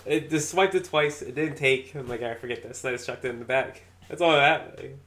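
A man's voice: medium pitch, a little fast, sharp tone. A man in casual podcast banter, talking in a blunt, laid-back way. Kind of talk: casual chat.

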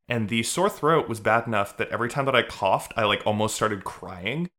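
A man's voice: on the low side, animated, normal speed, pushed and bright. A man hosting a casual podcast chat, rambling and repeating words as he talks, his voice still a bit off after being sick. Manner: rambling, repeats words when starting sentences. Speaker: podcast host.

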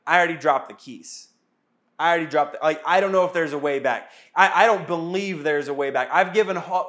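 A man preaching a sermon in a casual, animated way, retelling scenes and acting out quotes. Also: high-pitched. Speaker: pastor.

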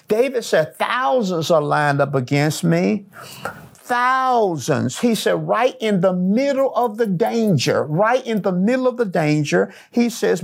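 A middle-aged man preaching a sermon as pastor, repeating phrases with slow, emphatic rhythm. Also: high-pitched, expressive, creaky.

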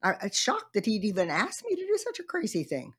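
A woman's voice: mid-range voice, wildly swooping pitch, brisk, a bit bright, slightly rough. A middle-aged woman minister, a guest giving an earnest faith testimony in an interview. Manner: earnest storytelling with quoted prayers.

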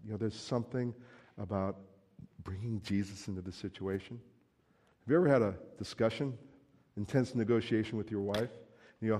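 A man preaching a sermon in a relaxed, conversational way, joking with the congregation and acting out everyday quotes. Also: fairly low pitch, a little fast, pauses often. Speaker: pastor. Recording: long hall reverb.

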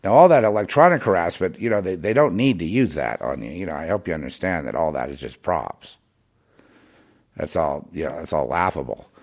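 Low gravelly man, ranting monologue. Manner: emphatic, swings between muttering and loud ranting; many restarts and repeated words. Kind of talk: rambling monologue to the listener.

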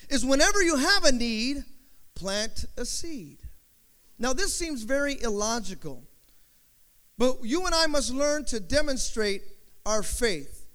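A man's voice: extremely high pitch, fairly bright tone, smooth. A male pastor preaching a sermon, with call-and-response and emphatic repetition. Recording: long hall reverb.

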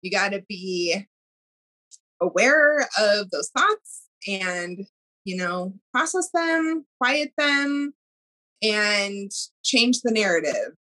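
A woman's voice: mid-range voice, sing-song, extremely slow, sharp tone, rough recording. A woman hosting a podcast in casual interview chat, affirming her guest and reflecting openly. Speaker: podcast host.

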